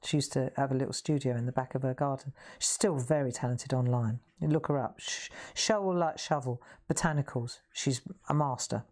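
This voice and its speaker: A chatty woman hosts a live craft session, talking through her painting in a low voice. She is reassuring and pokes fun at herself. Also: normal speed, hardly any pauses, darkish tone. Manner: chatty, self-deprecating, reassuring. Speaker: craft host.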